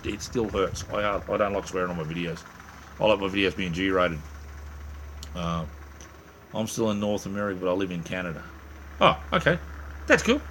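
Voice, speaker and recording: Here's a livestream host, a middle-aged Australian man, whose voice sits on the low side and sounds a bit bright. Reading viewers' comments in a relaxed live chat, he rambles, cracks jokes and frequently restarts. A faint hiss or hum runs underneath.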